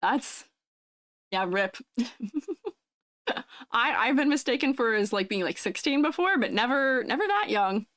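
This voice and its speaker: A young adult woman VTuber streamer with a high, youthful-sounding voice, chatting with viewers in a bubbly, giggly way. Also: expressive, measured pace, pauses often, fairly bright tone, no room sound, studio quality. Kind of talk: casual live-stream chat.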